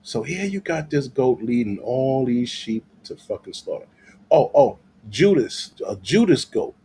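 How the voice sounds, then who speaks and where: Animated, slow-talking man ranting. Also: medium pitch, slight background noise. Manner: laughing, loose and profane. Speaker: vlogger. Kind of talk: profane reaction commentary.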